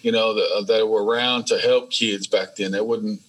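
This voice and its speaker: A man, a business owner being interviewed, telling stories in a casual, animated way and acting out the dialogue. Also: lowish voice, moderate pace, poor audio. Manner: animated, acts out dialogue in storytelling. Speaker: welding business owner, guest. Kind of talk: casual storytelling.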